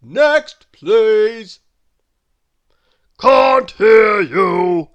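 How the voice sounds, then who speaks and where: A woman reading aloud, voicing a loud shopkeeper who shouts every word, drawn out and booming. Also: lively intonation, very slow, highs cut off. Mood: roaring. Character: loud bellowing shopkeeper man.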